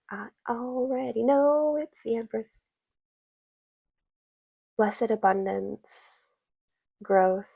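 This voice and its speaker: A woman giving a soft, meandering tarot reading, full of fillers and a little teary. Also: mid-range voice, creaky, husky, no room sound, highs cut off. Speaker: tarot reader.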